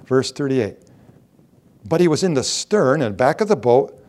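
A man's voice: medium pitch, very animated, moderate pace, darkish tone. A middle-aged man preaching a sermon, asking rhetorical questions and reading scripture aloud.

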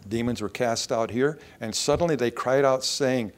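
A man preaching a sermon at a mid-range pitch. He swings between quiet asides and forceful, raised lines of scripture. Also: a little slow, long pauses. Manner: preaching with rising emphasis and quoted scripture. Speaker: pastor.

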